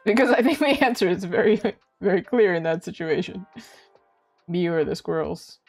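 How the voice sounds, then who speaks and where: A young woman from Canada, an art streamer, chatting casually and giggling as she talks. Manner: chatty and giggly, lively swings in pitch. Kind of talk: casual live-stream chat. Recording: faint music behind.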